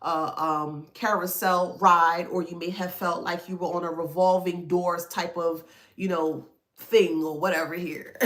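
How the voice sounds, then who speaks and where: A woman's voice: on the low side, fairly bright tone, slight background noise. A woman talks straight to her viewers in a motivational self-help style. Her delivery is emphatic and preachy. She drives points home by repeating them and often checks that they follow. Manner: emphatic, preachy, repeats herself, asks "that makes sense?". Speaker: spiritual self-help vlogger. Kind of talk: motivational talk to camera.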